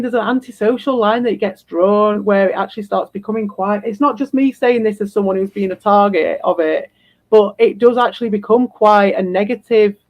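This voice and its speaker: A woman's voice: a little high, darkish tone, lo-fi sound. A woman streaming live, ranting bluntly and combatively and swearing freely. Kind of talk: livestream rant.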